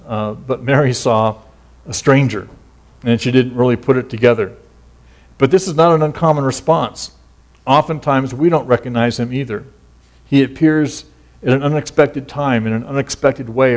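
A middle-aged man, a pastor, giving a relaxed, conversational sermon full of folksy stories and casual asides. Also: medium pitch.

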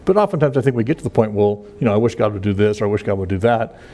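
A man's voice: fairly low pitch, animated, rapid-fire, warm tone. A man teaching through a Bible passage verse by verse in a plain conversational way, with frequent fillers and restarts.

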